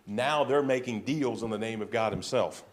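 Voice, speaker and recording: A man's voice: fairly low pitch, moderate pace. Man preaching, conversational and emphatic. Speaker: pastor. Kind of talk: sermon.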